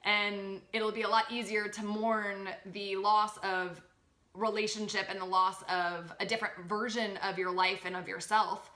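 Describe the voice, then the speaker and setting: A woman talking as a podcast guest about spiritual growth, animated and expressive, acting out her inner voices. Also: medium pitch, a little slow, roomy sound. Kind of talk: spiritual coaching conversation.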